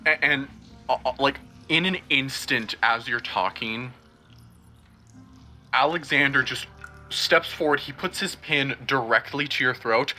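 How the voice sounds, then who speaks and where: A man's voice: mid-range voice, measured pace, sharp tone, faint music behind. A man playing a tabletop role-playing game, narrating his character's actions with wry asides. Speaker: player.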